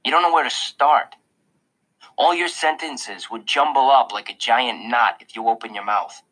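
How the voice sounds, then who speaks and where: A man narrating a children's novel in the first person, with an expressive storytelling delivery. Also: medium pitch, moderate pace, rough recording. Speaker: audiobook narrator.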